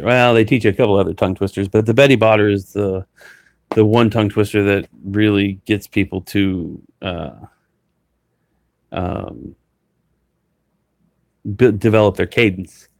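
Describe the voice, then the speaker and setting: A man talking casually and rambling with many fillers, a licensed auctioneer who breaks into a rapid auction chant. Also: on the low side, no echo. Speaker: reseller and auctioneer. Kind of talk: casual live chat.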